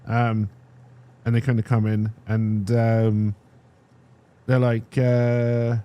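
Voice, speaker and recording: A young man telling a casual personal story as a streamer, animated and restarting his sentences, checking in with "right?". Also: mid-range voice, takes it slowly, pauses often, clear, resonant tone.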